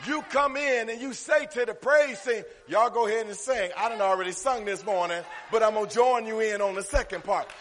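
A preacher with a high voice, working the crowd with call-and-response and rising to shouted peaks. His sermon rings out through a church sanctuary with a long, hanging reverb. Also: brisk, hardly any pauses, slight background noise. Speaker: pastor.

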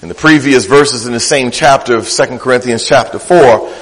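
A man's voice: mid-range voice, brisk, breathy edge, big-room sound, poor audio. A man preaching a sermon, with a rhythmic, playful preacherly delivery that repeats words for emphasis. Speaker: pastor. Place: church.

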